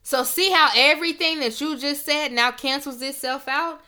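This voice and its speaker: A woman's voice: sits high, moderate pace, pushed and bright. A young woman hosting a podcast, ranting in a heated, emphatic, profane casual talk. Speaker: podcast host.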